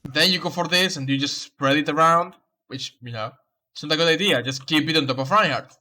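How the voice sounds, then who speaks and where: Pitched fairly high and pushed bright, a man's voice runs a little fast. Reviewing a match, the game coach talks a player through the replay, laying out tactics and restating key points.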